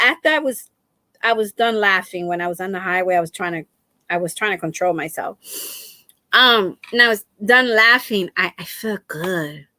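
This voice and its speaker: A middle-aged woman hosting a crafting livestream, telling a story to her viewers in a casual, animated way, laughing often and repeating herself. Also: mid-range voice, no echo. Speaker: crafting channel host.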